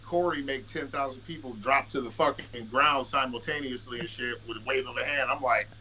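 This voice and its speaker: A man with a bright, forward voice spins loose, profane stories as a podcast guest, often restarting mid-sentence and slipping into quoted dialogue. His talk is casual and unpolished, full of fillers, with a faint hiss of background noise. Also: medium pitch, fairly even intonation, fairly quick, low-quality recording. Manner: restarts and filler-heavy delivery. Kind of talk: casual storytelling.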